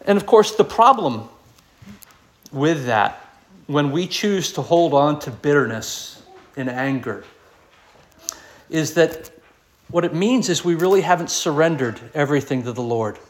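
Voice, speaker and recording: A man's voice: on the high side, a little slow. A man preaching a sermon to his congregation, earnest, asking rhetorical questions and acting out quoted voices. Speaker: pastor.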